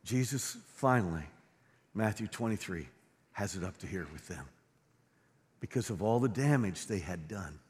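A middle-aged male pastor preaching a sermon, swinging from quiet, low lines to loud, fervent ones. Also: expressive, normal speed, pauses often. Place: church sanctuary. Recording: long reverb of a large hall.

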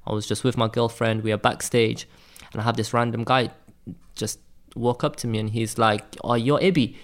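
Speaking at normal speed in a steady, mid-range voice, this Welsh graphic designer shares stories in a relaxed interview. His light accent comes through, and he fills his talk with "like" and "man."

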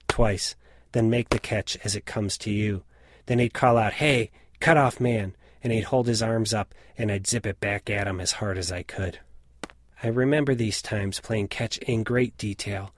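A man in his late forties reading a reflective personal story in a measured, scripted narration. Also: fairly low pitch. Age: late 40s.

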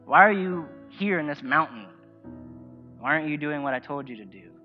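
A man's voice: fairly high pitch, animated, moderate pace. A man preaching a sermon, reading scripture and telling a personal story while asking the congregation questions. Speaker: pastor. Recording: dull lo-fi sound with faint music.

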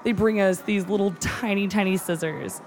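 A cook gushing about a tasting menu in casual chat, excitable and close to tears, with many fillers and some swearing. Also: mid-range voice, normal speed, faint music behind. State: moved nearly to tears.

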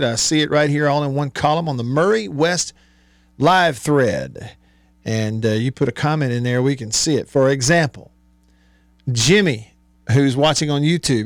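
A man's voice: mid-range voice, dry recording. A man hosting a radio talk show, chatting loosely, laughing often and reading sponsor plugs. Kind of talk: casual sports-talk radio chat. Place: radio studio.

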